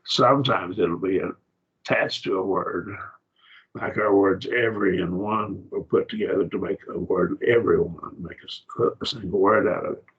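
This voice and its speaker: A man's voice: sits low, moderate pace, lo-fi sound. A man teaching a Bible class, explaining grammar step by step in a plain lecturing manner. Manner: plain, explanatory, with fillers and restarts.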